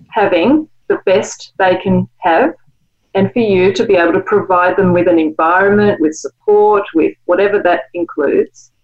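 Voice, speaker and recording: A woman guest and author, explaining ideas in a measured, reflective way. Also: medium pitch, a little mellow, muffled recording. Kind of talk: conversational interview.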